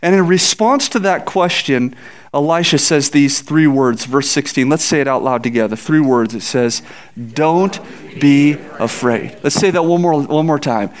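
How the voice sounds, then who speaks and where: A man preaching a sermon, telling a scripture story with animated voices for the people in it. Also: high voice. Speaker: pastor.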